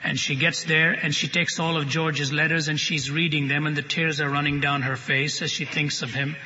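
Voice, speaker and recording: Bright, forceful preacher in a big hall. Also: male voice, a little high, flat delivery, moderate pace. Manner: humorous, dramatic storyteller. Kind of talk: sermon storytelling. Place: large hall with audience. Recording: dull broadcast with long hall reverb.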